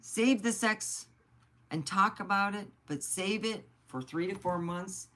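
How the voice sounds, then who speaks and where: A woman's voice: medium pitch, measured pace, bright, forceful tone. A middle-aged woman from the United States telling personal stories in a blunt, chatty way and swearing freely. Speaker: vlogger. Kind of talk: casual storytelling.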